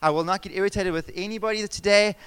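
A man preaching a sermon as pastor, animated and conversational, asking his congregation questions and telling personal stories. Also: high voice, fast talker, smooth, no room sound. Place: church service.

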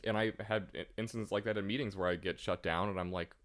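A man's voice: fairly low pitch, steady tone, fast, fairly bright tone. A young man talking casually, rambling with many fillers as he describes his struggles. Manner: rambling, lots of fillers and likes. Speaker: guest. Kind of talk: casual conversation.

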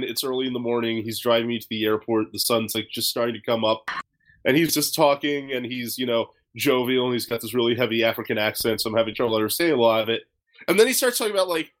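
A man's voice: medium pitch, fast, a bit bright. A man hosting a podcast, telling a story in a rambling, casual way with lots of fillers and swearing. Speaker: podcast host.

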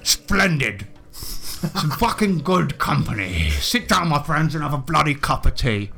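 A man's voice: on the high side, very animated, measured pace, gravelly, pushed and bright, exaggerated voice. A man voicing a blustering, foul-mouthed male explorer and zoo owner who stammers and swears constantly, in a tabletop game. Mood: jovial.

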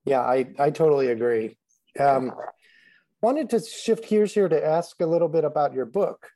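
A man hosting a podcast interview, asking measured questions with some halting repeats. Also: mid-range voice, warm tone, dry recording, low-quality recording. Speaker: podcast host.

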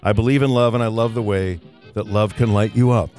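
A man's voice: fairly low pitch, fairly even intonation, a little fast, darkish tone, faint music behind. A man hosting an entertainment news segment in a breezy, chatty way.

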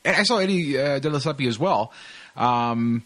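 A man's voice: medium pitch, lively intonation, normal speed, fairly bright tone. Laid-back rambling man hosting a podcast. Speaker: podcast host. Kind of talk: casual chat.

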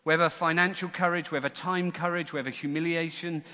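A man preaching a sermon as church leader, lively and acting out the voices in a Bible story. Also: a little high, brisk. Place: church hall. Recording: long church-hall reverb.

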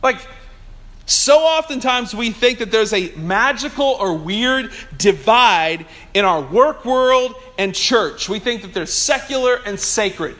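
A man's voice: high voice, lively intonation, slow pace, fairly bright tone. A male pastor preaching a sermon in a church, talking conversationally, joking with the congregation and calling for amens.

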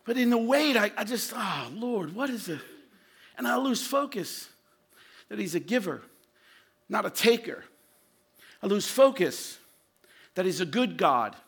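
A male pastor preaching a sermon with passion, swinging from loud shouted lines to low, quiet asides. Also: expressive, unhurried, creaky, pauses often, husky.

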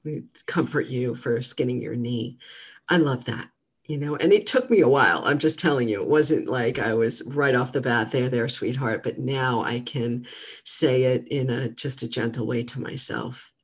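Middle-aged female guest coach, gentle delivery, husky and slightly gravelly. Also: extremely low pitch, moderate pace. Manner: gentle, warm coaching tone with many fillers. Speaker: guest, mental fitness trainer. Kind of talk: casual interview talk.

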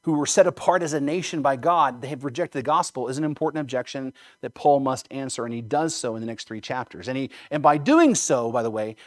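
A man's voice: medium pitch, expressive, brisk, hardly any pauses. A man preaching a sermon, earnest and emphatic, repeating phrases for emphasis and checking in with "right?". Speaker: pastor.

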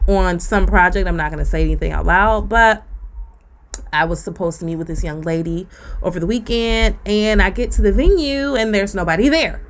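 A woman's voice: medium pitch, normal speed. A woman, co-hosting a podcast and ranting bluntly with profanity. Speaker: podcast co-host. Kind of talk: casual rant on a podcast.

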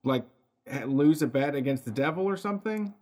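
A man's voice: a little high, lively intonation, a little fast, darkish tone. A man hosting a call-in show, taking calls in a laid-back, wry way. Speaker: show host.

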